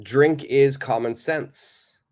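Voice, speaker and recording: A man's voice: mid-range voice, takes it slowly, darkish tone. A man teaching a live online English lesson, patiently reading out viewers' answers, praising them and explaining simple phrases.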